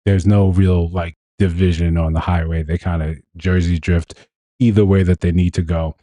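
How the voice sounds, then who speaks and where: A man's voice: low-pitched, little pitch movement, moderate pace, mellow, dry recording. A man hosting a live show, giving rambling, gossipy reaction commentary full of fillers and restarts. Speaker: show host.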